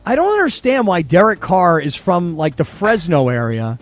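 A middle-aged man, a former kicker, telling animated stories in casual sports radio chat. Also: sits high, normal speed, soft background music. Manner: animated storyteller.

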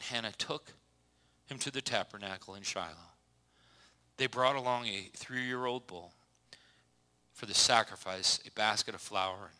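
A man's voice: medium pitch, sharp tone. A man preaching a casual sermon, folksy and joking, reading Bible passages with small slips and restarts. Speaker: pastor.

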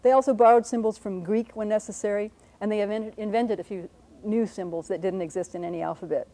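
A woman's voice: medium pitch, fairly even intonation, fast talker, mellow. A woman linguist giving a patient, step-by-step radio lecture, explaining sounds and writing examples as she talks, with frequent ums and small self-corrections. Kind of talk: radio lecture with whiteboard demonstration.

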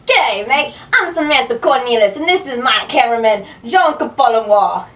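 A woman's voice: a little high, expressive, moderate pace, a bit bright. A young woman putting on a mock Australian drawl to play a cheery female wildlife show presenter in a homemade skit. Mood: chirpy. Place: bedroom at a sleepover. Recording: echoey room, distant camera mic, noisy.

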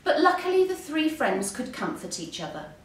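A woman, an English teacher, reading a bedtime story aloud with expressive, unhurried storytelling. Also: sits high. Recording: roomy, distant mic.

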